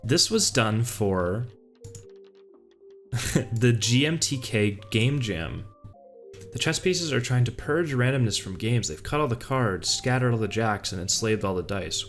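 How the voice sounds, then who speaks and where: Brief: young male game dev, lowish voice, loose and self-mocking, frequent cursing. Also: expressive, a little slow, fairly bright tone, faint music behind. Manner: laid-back, rambling, swears and laughs at own old work. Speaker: indie game developer. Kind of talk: casual commentary over gameplay.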